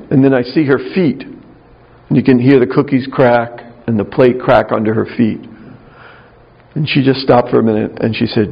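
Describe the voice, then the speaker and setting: A man with a gravelly, slightly husky voice gives a spiritual talk, conversational and wry, weaving in personal stories. The sound is a dull, lo-fi recording. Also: medium pitch, steady tone, moderate pace.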